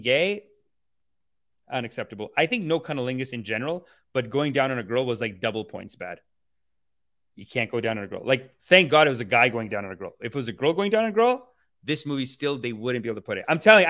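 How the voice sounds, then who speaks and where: A man hosting a podcast, chatting casually and reacting to a film trailer in an animated, profane, rambling way. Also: mid-range voice. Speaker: podcast host.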